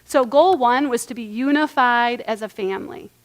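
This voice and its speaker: A woman's voice: fairly high pitch, moderate pace. A young woman presenting a church parenting workshop, earnest and emphatic, often checking in with the audience.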